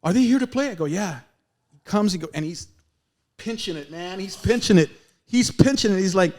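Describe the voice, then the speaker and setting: A man's voice: high voice, quick pace. A man telling a long story in casual podcast chat, acting out the voices of the people in it. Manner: animated, acts out other people's lines in the story. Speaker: podcast guest, radio veteran.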